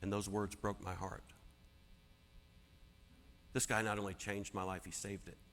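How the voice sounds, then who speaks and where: A man telling a personal story as a keynote speaker, dramatic and swinging from hushed to loud. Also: fairly low pitch, level tone, a little slow, a little hiss or hum. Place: large conference hall. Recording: long hall reverb.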